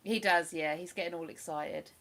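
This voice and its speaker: A woman from England hosting a casual livestream chat, rambling and cooing softly to her dog between remarks. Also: on the low side, moderate pace. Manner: chatty, drops to soft cooing baby talk with her dog. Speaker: livestream host.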